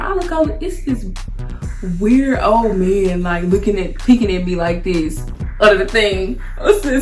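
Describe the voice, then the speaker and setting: A woman's voice: mid-range voice, normal speed. Chatty woman in an echoey room. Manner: chatty, animated, frequent "like" and "y'all". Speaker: vlogger. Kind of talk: casual storytelling to camera. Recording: echoey room with faint music.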